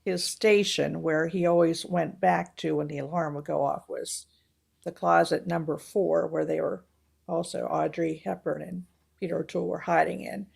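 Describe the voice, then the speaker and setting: A woman co-hosting a casual film review chat, retelling movie scenes with animated storytelling. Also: sits low, normal speed, gravelly, husky. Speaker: podcast co-host.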